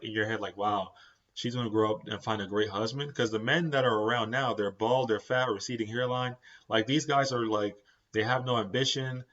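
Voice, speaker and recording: A man's voice: lowish voice, a bit bright. Tired-sounding man musing solo, lo-fi. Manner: rambling, conversational, lots of fillers and repeats. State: tired, yawning. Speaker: podcast host. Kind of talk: casual solo commentary.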